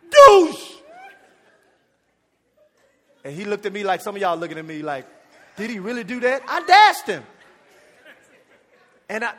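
A man pastor telling a comic story in a sermon, animated and shouting at the high points.

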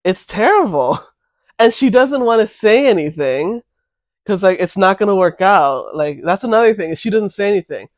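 A man co-hosting a casual podcast, chatting offhandedly about films with quick asides. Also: sits high, lively intonation, dry recording. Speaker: podcast co-host. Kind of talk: casual chat.

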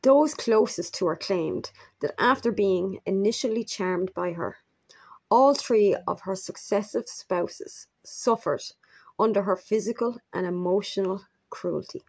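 A woman narrating a true crime story in a measured, grave manner with brief asides. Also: mid-range voice, slightly rough.

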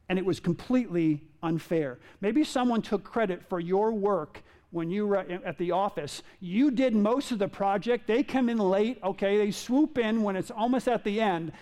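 A man preaching a sermon, animated, acting out quoted lines with sudden leaps in pitch. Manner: animated, acts out quotes with big pitch jumps. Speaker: pastor. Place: in a room with listeners.

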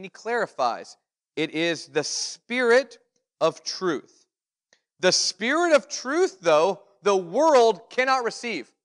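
Man pastor teaching Bible study, high voice, folksy and conversational, long reverb of a hall. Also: fairly bright tone. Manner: folksy, explains with family stories and quoted dialogue.

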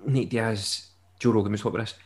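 A man's voice: on the low side, steady tone, quick pace, a little mellow. A young man, chatting casually and jokily on a podcast. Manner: chatty, jokey, with bursts of laughter. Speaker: podcast co-host. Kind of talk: casual chat.

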